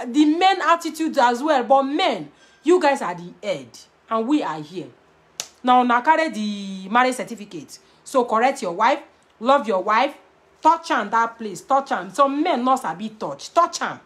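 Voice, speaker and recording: Blunt high-voiced woman with a Nigerian Pidgin accent. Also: normal speed. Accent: Nigerian Pidgin English. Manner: blunt, animated, switching between Pidgin and English. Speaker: vlogger giving marriage advice. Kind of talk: casual to-camera talk.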